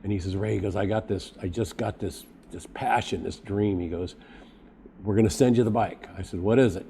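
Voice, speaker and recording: Middle-aged male storyteller, deep and warm, animated, plays the other people in his story. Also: a little fast, creaky, slight background noise. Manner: animated storyteller acting out quoted dialogue. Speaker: podcast guest, custom bike builder. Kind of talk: casual storytelling.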